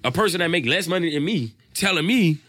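A man, a rapper, telling his own stories in a loose, profane, animated way, often quoting what others said. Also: fairly high pitch, quick pace. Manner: animated, profane storytelling with quoted voices. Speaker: rapper and guest. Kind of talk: casual storytelling chat.

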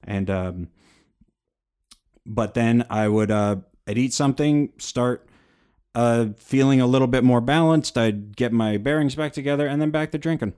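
A man's voice: medium pitch, normal speed, a little mellow, smooth. A man co-hosting a casual podcast, telling candid, self-deprecating stories with lots of "uh" and "um". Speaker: podcast co-host.

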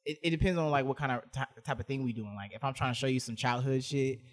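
A man co-hosting a casual podcast, joking and ranting in big swings from loud outbursts to low mutters. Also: fast. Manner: animated, jokey rants that swing from loud to muttered. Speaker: podcast co-host.

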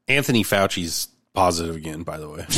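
A man's voice: deep voice, lively intonation, a little fast, sharp tone, dry recording, clean studio sound. A man hosting a podcast, talking bluntly and wryly in casual chat, swearing freely. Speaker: podcast host.

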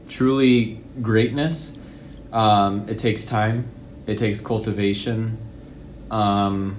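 A man's voice: on the low side, a little hiss or hum. A man talking as a podcast guest, reflective and motivational, with frequent ums and kind-ofs. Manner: reflective, motivational, many fillers. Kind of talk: casual podcast interview.

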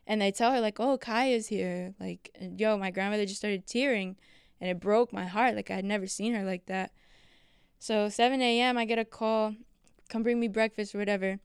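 A young woman recounting a painful family memory in loose, profane, conversational speech. Her voice is exceptionally clear and smooth, and the sound is dry and close with no room around it. She tells it in casual chat. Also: mid-range voice, steady tone, no room sound. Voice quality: emotional, profane, quick storytelling.

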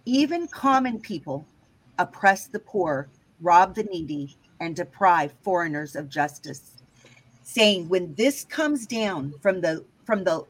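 A woman's voice: lowish voice, animated, slow pace, low-quality recording. A woman teaching scripture in an emphatic way, often checking in with her listeners. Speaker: Bible teacher.

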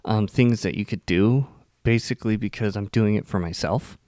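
A man co-hosting a casual podcast chat, easygoing and quick to laugh at his own jokes. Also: on the low side, darkish tone, dry recording, studio quality. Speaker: podcast co-host.

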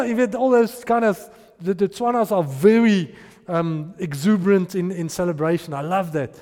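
Man, sermon storytelling, animated, long hall reverb. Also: high voice, normal speed. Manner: animated, acts out the people in his stories. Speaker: preacher.

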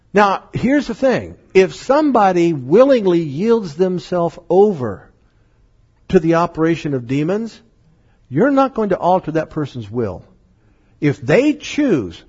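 A man preaching a sermon to a congregation, lively and often acting out voices in his stories. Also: high voice, breathy edge, muffled recording. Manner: animated, acts out voices in stories, laughs often. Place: church meeting room.

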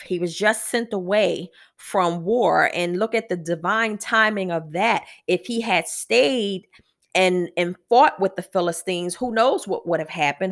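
A woman hosting a devotional podcast, reading Bible verses aloud and reflecting on them earnestly. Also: mid-range voice. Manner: earnest, reads scripture aloud then reflects. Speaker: podcast host.

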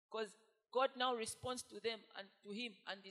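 A woman pastor preaches to her congregation in a voice of middling pitch. She drives her points home with emphasis and often swells to loud, animated bursts. She keeps tossing questions out and calling for responses. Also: moderate pace. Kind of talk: sermon.

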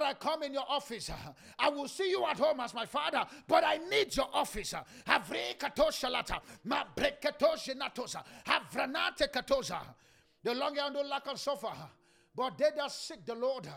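A man leading a fervent prayer sermon, shouting and chanting, breaking into bursts of speaking in tongues. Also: very high voice, creaky. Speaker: pastor.

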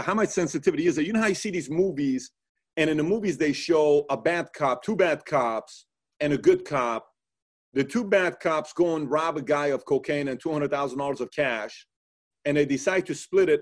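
Animated man hosting an interview. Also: a little high, normal speed. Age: adult, former soldier. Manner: animated storyteller, acts out quotes. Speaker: interview host. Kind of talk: casual interview conversation.

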